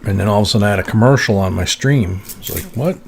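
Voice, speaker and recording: Gravelly man hosting a coin livestream. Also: fairly low pitch, fast, heavy background noise. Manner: relaxed, chatty, reads out viewer comments. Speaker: livestream host searching coins. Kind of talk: casual livestream chat.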